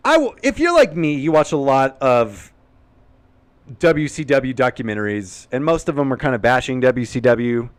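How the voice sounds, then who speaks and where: A man's voice: mid-range voice, sing-song, moderate pace, dry recording. A man hosting a casual, unscripted recap of a show, rambling and opinionated and swearing freely. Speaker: YouTube wrestling recap host.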